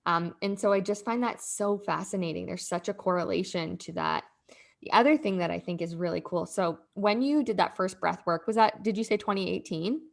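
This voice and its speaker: A woman's voice: mid-range voice, brisk, gravelly. A woman hosting a podcast, responding to her guest and then explaining astrology in a casual, searching way. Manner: warm listening, explains astrology with "um" and "I guess". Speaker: podcast host. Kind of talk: casual conversation.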